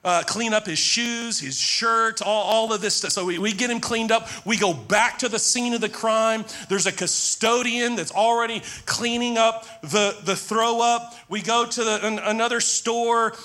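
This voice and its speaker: A man in his forties preaching as a pastor, telling personal stories in a conversational way and praying in a low, soft voice. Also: a little slow, few pauses. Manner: conversational storytelling, drops low and soft in prayer. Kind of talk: sermon with prayer and personal stories.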